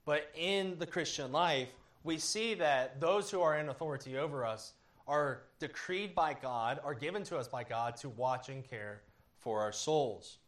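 A man preaching as a pastor, earnest and measured, with occasional fillers as he explains. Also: a little high, a bit bright. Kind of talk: sermon teaching.

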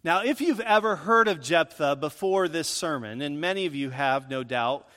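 A male pastor preaching a sermon in an animated way, his voice rising on points of emphasis, in a church sanctuary. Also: a little high, normal speed, long reverb tail.

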